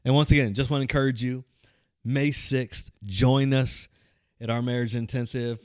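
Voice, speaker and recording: Middle-aged male podcast co-host, upbeat and lively, mid-pitched, dry sound. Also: normal speed, smooth, no room sound. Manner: upbeat, animated storyteller. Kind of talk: casual conversation.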